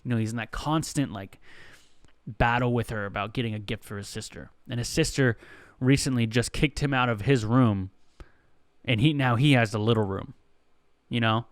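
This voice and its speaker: A man hosts a comedy podcast, rambling through stories in a loose, profane, conversational monologue. His voice sits at an ordinary middle pitch and sounds smooth and clear. The recording is dry and close, with no room sound. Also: normal speed, no echo. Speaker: podcast host.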